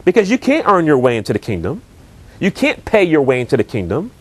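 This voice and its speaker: A man's voice: a little high, wildly swooping pitch, fast talker, slightly rough. A man preaching a sermon, earnest and direct, asking rhetorical questions and building emphasis.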